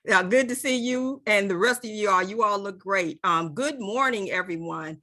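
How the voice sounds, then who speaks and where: A woman giving prepared opening remarks as moderator of a session, deliberate and community-minded. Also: medium pitch, pushed and bright. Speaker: panel moderator.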